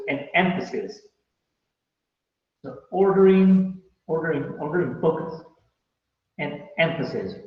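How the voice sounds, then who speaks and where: A man's voice: fairly high pitch, a little mellow. A male teacher giving a recorded class lecture, explaining patiently and checking in with his listeners as he goes. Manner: patient, explanatory, checks in with "right?" and "you see?". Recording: very echoey, dull lo-fi room sound.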